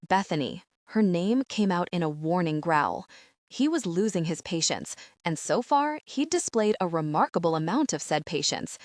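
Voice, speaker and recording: A woman narrating a romance audiobook in a measured, even storytelling manner. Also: on the low side, dry recording, clean studio sound.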